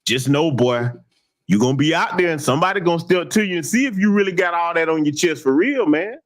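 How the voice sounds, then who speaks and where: Man host, high voice, lively swings, emphatic, taunting commentary. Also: fast talker. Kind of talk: heated commentary broadcast.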